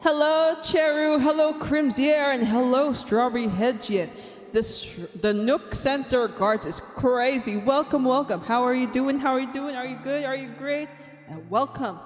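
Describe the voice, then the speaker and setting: With a high-pitched voice at normal speed, a young woman streaming her art chats cheerfully and casually with viewers. She counts out loud while drawing and giggles often, over long reverb and faint background music.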